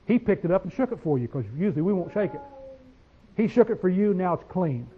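A man with a high voice delivers a homespun sermon. He reads scripture in slow, drawn-out phrases, then breaks into quick conversational asides and rising declarations. The recording sounds dull and lo-fi. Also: expressive, a little hiss or hum. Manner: folksy, call-and-response asides, swings from quiet to loud. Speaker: preacher.

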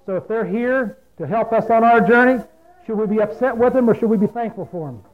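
A man's voice: high voice, brisk. A man preaching a folksy, plain-spoken sermon, often asking his listeners questions. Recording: phone-like lo-fi radio broadcast.

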